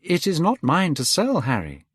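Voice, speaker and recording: Man doing a devoted painter in a storybook, earnest, lively voice. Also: fairly high pitch, moderate pace, husky, dry recording, studio quality, voice pushed up, exaggerated voice. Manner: earnest, pleading.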